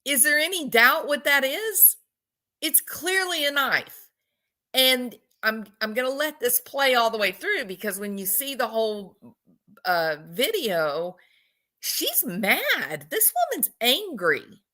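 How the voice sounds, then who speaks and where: A woman talks casually over a video, slowly and with a lively, swinging pitch. Her voice is bright. She keeps asking her viewers questions as she analyzes the clip. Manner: chatty, conversational, asks viewers questions. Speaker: commentator analyzing body language.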